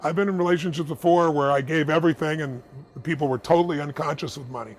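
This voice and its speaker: A man, a motivational speaker, answering interview questions with animated, laughing stories. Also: fairly high pitch. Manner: animated, fast, laughing storyteller.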